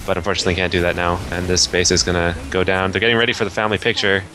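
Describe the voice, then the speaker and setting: A very deep-voiced man breaks down a video game match at a quick clip, his tone bright and forward. He speaks casually and analytically, with a faint hiss of noise behind him. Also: little pitch movement. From Canada. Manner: analytical, casual, many fillers like I mean and like. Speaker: esports color commentator.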